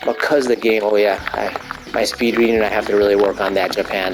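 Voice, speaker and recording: A man casually commentating his gameplay, rambling and joking with crude swearing and excited outbursts while stretching. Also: lowish voice, a little fast, poor audio. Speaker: gamer commentating his play. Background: arcade game music.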